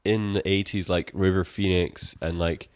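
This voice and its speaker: A man's voice: deep voice, flat delivery, moderate pace. A young man chatting easily on a podcast, agreeing a lot and talking in loose, filler-heavy runs. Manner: easygoing, agreeable, lots of fillers. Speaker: podcast co-host. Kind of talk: casual chat.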